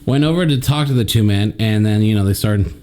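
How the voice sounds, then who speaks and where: A man's voice: a little fast, darkish tone. A young man co-hosting a casual podcast, reading a news story in a joking way. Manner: jokey, reads quotes in exaggerated high put-on voices. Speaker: podcast co-host.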